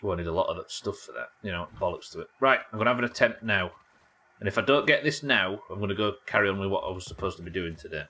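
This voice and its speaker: A man's voice: low-pitched, lively intonation, fast, pushed and bright. A young British man streaming a game live, chatting casually, laughing often and swearing freely. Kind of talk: casual live gameplay chat.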